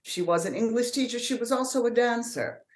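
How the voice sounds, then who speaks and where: A middle-aged woman from New Orleans with a Mid-Atlantic accent and proper, measured diction, answering interview questions with pauses and fillers. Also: fairly high pitch, a little mellow, reverberant. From New Orleans, USA. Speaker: actor and author, podcast guest.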